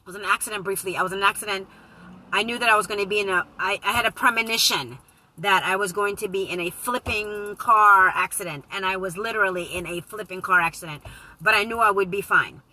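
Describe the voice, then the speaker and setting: A woman casually telling a personal story to her viewers, animated and profane, speaking into a phone. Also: medium pitch, fast, poor audio. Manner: animated, profane, slips into loud quoted voices. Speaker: vlogger reading live comments.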